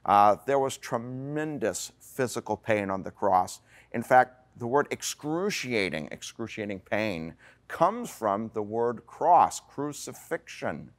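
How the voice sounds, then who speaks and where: A man pastor preaching a sermon in an earnest way, with slow dramatic pauses and some fillers. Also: medium pitch, animated.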